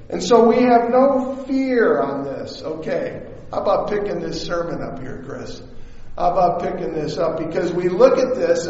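High-pitched preacher guy telling a story slowly, muffled lo-fi sound, big echo. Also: darkish tone. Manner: chatty, checks in with the audience. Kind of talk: storytelling sermon. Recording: echoey hall, dull lo-fi sound.

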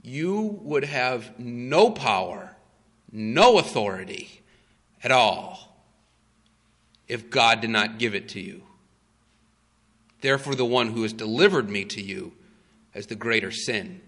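A man voicing a beaten but calm and bold male prisoner, speaking quietly and solemnly within a sermon. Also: medium pitch, slow pace, long pauses.

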